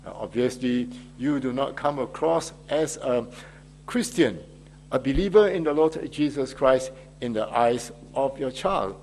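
A man preaching a Father's Day sermon as pastor, in a measured delivery with frequent hesitations. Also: medium pitch, lively intonation, a little mellow, slight background noise.

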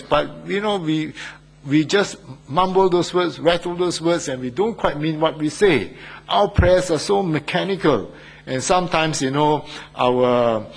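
Husky-voiced male preacher asking the congregation questions. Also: mid-range voice. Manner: emphatic, rhetorical questions to the congregation. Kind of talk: sermon.

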